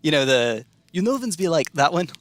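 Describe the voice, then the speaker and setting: A man's voice: on the high side, very animated, fairly quick, fairly bright tone, no echo. A young man from the United States chatting casually with his stream chat while playing a card game, rambling and laughing often.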